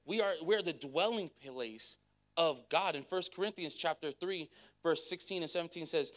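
A pastor with a slightly high, somewhat bright voice preaches at a moderate pace, sharing a testimony within his sermon. He tells the story conversationally, repeating words and checking in with the crowd.

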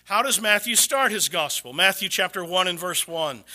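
A man pastor preaching a sermon in a church, dramatically shifting between hushed, low-spoken asides and loud, raised exclamations. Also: animated, normal speed, few pauses.

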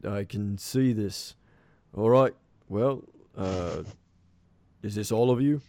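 Old half-elf village elder, grave and wary, mellow low voice, a man doing it. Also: takes it slowly, dry recording.

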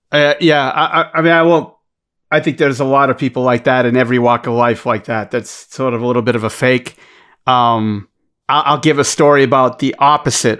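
A man with a Boston accent co-hosting a podcast, rambling and swearing as he jokes along. His voice sits at an average pitch for a man. He talks loosely and casually, with plenty of asides. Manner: rambling, profane, joking. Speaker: podcast co-host, former basketball player.

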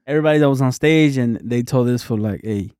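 A man's voice: mid-range voice, fast, darkish tone, clear, resonant tone, dry recording, clean studio sound. A man co-hosting a casual podcast, chiming in with slangy, laid-back banter and swearing. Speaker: co-host. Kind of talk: casual chat.

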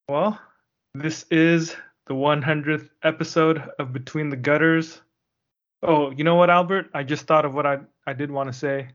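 A man's voice: fairly high pitch, fairly even intonation, unhurried, fairly bright tone, muffled recording. A man hosting a podcast in casual chat, easygoing and earnest. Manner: easygoing, earnest, signs off the show. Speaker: podcast host.

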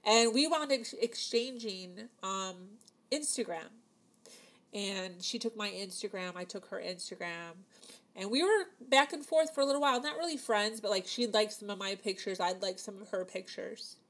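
A woman's voice: medium pitch, lively intonation, moderate pace. A woman in her thirties, telling a personal story to her viewers in a chatty way, with many fillers, acting out the dialogue. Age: 30s. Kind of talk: casual storytelling to camera.

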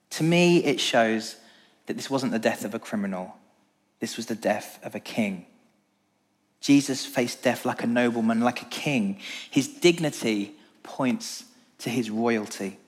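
A man preaching a sermon and reading scripture aloud, earnest and measured, dropping low and slow for emphasis. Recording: long reverb of a large hall.

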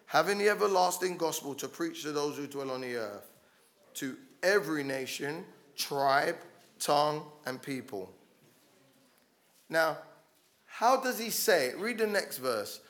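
A man delivers a sermon in a fairly high voice. He speaks with passion, stumbling over restarts, and builds to loud calls for his listeners to stand up. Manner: passionate, rising to loud exhortation with frequent restarts. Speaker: preacher.

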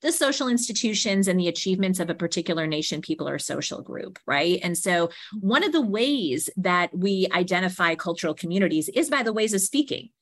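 A woman's voice: fairly low pitch, expressive, fairly quick, hardly any pauses. A woman, a guest expert, explaining her ideas at length in an interview. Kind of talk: interview answers.

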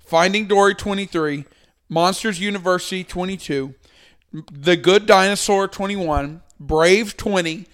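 A man's voice: sits high, unhurried, fairly bright tone. A young man hosting a casual podcast, rambling with lots of fillers as he chats with two guests. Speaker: podcast host.

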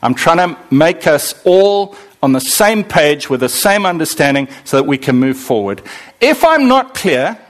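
A man preaching a sermon to a congregation, conversational and animated, joking with his listeners. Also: a little high, a little slow.

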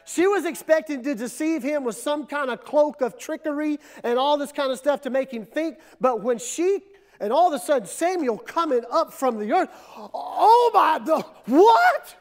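A pastor with a very high-pitched voice for a man, preaching a sermon to his church. He hammers home points with repetition, swinging between hushed lows and loud surges. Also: normal speed. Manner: emphatic, repetitive preaching with dramatic drops and surges.

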